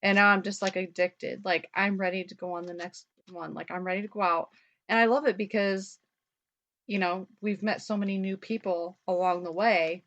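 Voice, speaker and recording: Speaking at a moderate pace, a young woman with a medium-pitched, fairly bright voice and fairly even intonation co-hosts a podcast. Her talk is rambling and casual, full of "like" and mild swearing. The recording quality is dull lo-fi.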